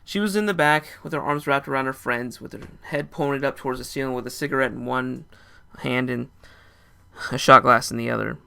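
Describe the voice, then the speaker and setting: A man's voice: mid-range voice, fairly quick, gravelly, bright, forceful tone, clean tone. A young man narrating a first-person story in a casual, dramatic way. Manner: casual, dramatic, with short laughs.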